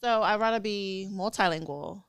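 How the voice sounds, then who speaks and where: A young woman co-hosting a casual podcast chat, blunt and quick to laugh, swearing freely. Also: mid-range voice, clean tone, no room sound. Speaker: podcast co-host.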